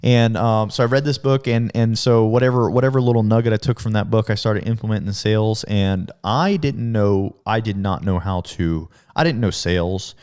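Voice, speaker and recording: A man's voice: lowish voice, moderate pace, hardly any pauses, a little mellow, smooth. A man telling his story as a podcast guest, in a rambling, casual way with heavy swearing and frequent restarts. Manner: frequent self-corrections and restarts.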